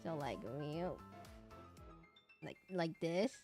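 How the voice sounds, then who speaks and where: A woman's voice: deep voice, takes it slowly, dark tone, faint music behind. A woman streamer chatting casually with her viewers while drawing, giggly and rambling. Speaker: livestreamer.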